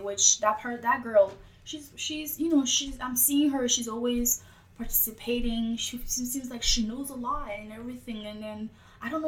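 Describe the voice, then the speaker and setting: A woman with a slightly high, sharp-toned voice chats casually, telling a personal story filled with filler words. She's recorded in an echoey room with faint music in the background.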